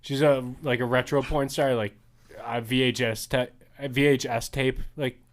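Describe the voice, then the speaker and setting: A young man co-hosting a casual podcast, telling animated stories and laughing through them. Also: medium pitch, normal speed. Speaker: podcast co-host. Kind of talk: casual chat.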